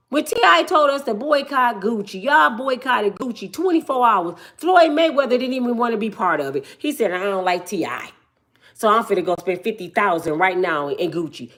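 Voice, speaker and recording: Middle-aged woman from Michigan, blunt comic storyteller, lively swooping delivery. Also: fairly high pitch. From Michigan, USA. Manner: blunt, joking, acts out quoted voices. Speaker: business owner telling stories. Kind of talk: casual storytelling monologue.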